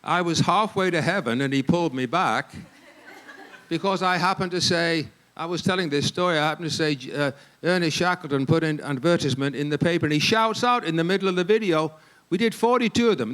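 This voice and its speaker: An English man speaking at a ministry staff gathering, telling humorous stories in an animated, jokey way and laughing often. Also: high-pitched, a little fast. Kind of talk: humorous storytelling talk.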